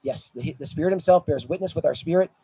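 Speaking quickly in a fairly high, mellow, slightly rough voice, this middle-aged man preaches as a pastor and spins vivid stories with his volume swelling and dropping. It's a dry recording of poor quality.

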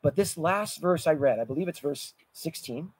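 A man's voice: a little high, lively intonation, moderate pace, darkish tone, slightly rough, dry recording, low-quality recording. A middle-aged man preaching a sermon as pastor, telling vivid stories, his voice rising and falling in volume. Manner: storytelling preacher, rises and drops in volume.

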